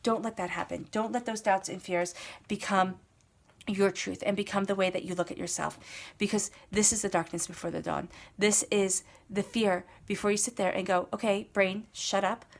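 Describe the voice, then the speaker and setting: Young woman doing a tarot reading, mid pitch, chatty and encouraging, keeps repeating herself. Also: steady tone, normal speed, creaky. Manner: encouraging, talks straight to the listener, repeats phrases. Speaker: tarot reader. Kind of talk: casual spoken tarot reading.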